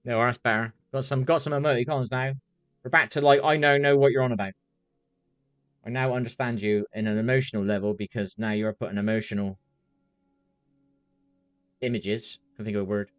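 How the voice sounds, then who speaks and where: A man's voice: mid-range voice, fairly even intonation, fairly quick, long pauses, dry recording, faint music behind. A man chatting casually on a live stream, rambling, swearing freely and repeating himself as he reacts to chat.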